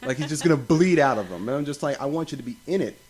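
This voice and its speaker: Young male podcast host with a fairly high voice, swearing, rambling and animated in casual chat. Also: rapid-fire, a crowd in the background. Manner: profane, rambling, animated storytelling.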